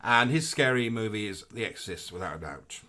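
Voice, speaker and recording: A man's voice: fairly low pitch, animated, brisk, pushed and bright. A man co-hosting a live show, chatting casually and reading out viewer comments in a camp, gushing manner with sing-song greetings.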